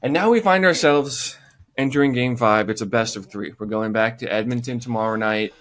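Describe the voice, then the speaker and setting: Man calmly talking hockey playoffs. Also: mid-range voice, brisk. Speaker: hockey podcast co-host. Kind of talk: casual sports chat.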